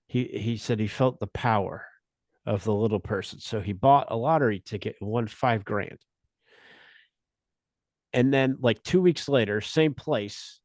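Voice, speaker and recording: A man's voice: lowish voice, no room sound, clean studio sound. A man chatting as a podcast guest, telling a story in an easygoing way, full of "you know" and restarts. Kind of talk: casual chat.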